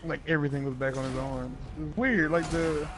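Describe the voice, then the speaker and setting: A man's voice: a little high, fairly even intonation, brisk, background noise. A man co-hosting a game stream, chatting casually in a rambling, profane way full of fillers. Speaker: co-host watching a game stream. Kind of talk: casual chat.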